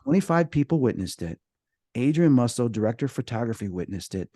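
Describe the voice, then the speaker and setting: A middle-aged man, a paranormal investigator, talking as a podcast guest in a casual storytelling way, animated and lively. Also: mid-range voice, brisk, no echo, clean studio sound. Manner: animated, acts out quoted voices.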